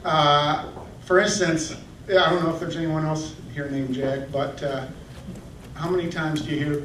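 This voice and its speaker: A man doing stand-up in a comedy club, recorded from far back so his voice rings through the room. His voice sits fairly high, with a steady hum of noise underneath. He mocks himself and pops into high yelping voices. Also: moderate pace. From Michigan. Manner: self-deprecating, acts out voices with sudden high yelps. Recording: echoey club from a distant camera.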